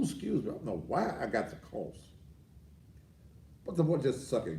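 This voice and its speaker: A man's voice: medium pitch, huge pitch swings, moderate pace, echoey room. Boisterous man ranting from a distance. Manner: boisterous and rambling, with sudden loud outbursts. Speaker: host. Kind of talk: ranting live commentary.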